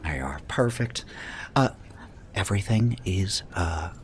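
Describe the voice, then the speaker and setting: A fussy housekeeper woman voiced by a man dotes and chatters in a low, lively voice. She fills her talk with small hesitations, as in a tabletop game. A faint hiss sits behind her. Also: moderate pace. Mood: doting. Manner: doting, fussing, chatty.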